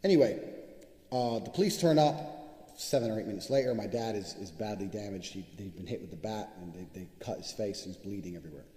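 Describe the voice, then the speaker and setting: A man's voice: lowish voice, quick pace, crowd noise. A man giving a brash, boastful, profane motivational monologue as a vlogger. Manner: brash, boastful, swears constantly. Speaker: vlogger giving money advice. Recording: echoey room with long reverb.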